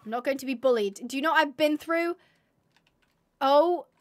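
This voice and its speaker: A woman's voice: sits high, moderate pace. A woman streaming a game live, chatting and mocking herself as she talks to her animals. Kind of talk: live gameplay commentary.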